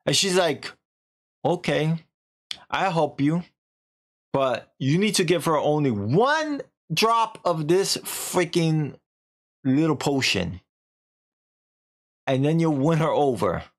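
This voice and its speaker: A male streamer rambles through a game's plot in loose, slangy talk. He stops, restarts and keeps dropping "like". He tosses off the characters' lines in a jokey way. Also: fairly high pitch. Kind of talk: casual retelling of a game story.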